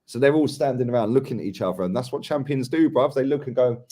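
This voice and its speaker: A young man trading opinions on a live football show. His voice sits at an ordinary pitch for a man, and he hammers his points home with blunt, slangy repetition. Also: quick pace, warm tone. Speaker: football podcast co-host. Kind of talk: casual live football chat.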